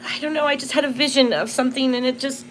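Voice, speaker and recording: A woman who reads tarot and hosts spirit box sessions speaks quickly in a high voice with fairly even intonation, over slight background noise. During this live session she grows emotional and apologetic toward the spirits, nearly in tears.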